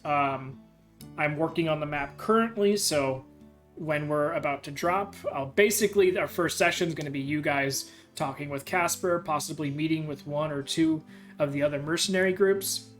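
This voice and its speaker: A man with a somewhat higher voice talks casually as the game master. He moves from friendly banter to calmly explaining the plans for the campaign, and soft music plays faintly behind him. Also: normal speed. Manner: easygoing, methodically laying out plans. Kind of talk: casual chat.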